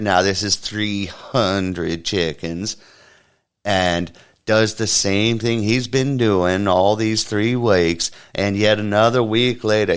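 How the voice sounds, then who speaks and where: A man with a very deep voice hosts a comedy show and tells a long shaggy-dog joke. His delivery is slow, rambling and folksy. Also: smooth. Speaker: comedy podcast host. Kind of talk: joke storytelling.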